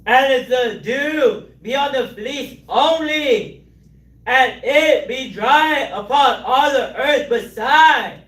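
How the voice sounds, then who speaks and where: High-voiced man slowly reading scripture. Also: a bit bright. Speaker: scripture reader. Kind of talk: slow, loud scripture reading. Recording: roomy, mic at a distance.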